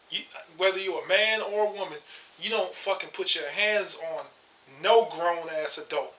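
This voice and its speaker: A man in his thirties telling his story to camera in a blunt, profane, angry rant. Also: high-pitched. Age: 30s. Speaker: vlogger. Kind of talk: angry personal monologue to camera. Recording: dull lo-fi audio.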